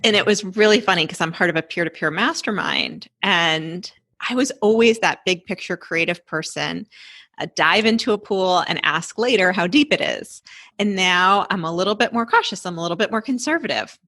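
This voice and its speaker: Woman, podcast host, lower voice, dry close sound, reflective, measured, easy laugh. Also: animated, sharp tone, no room sound. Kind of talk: casual interview conversation.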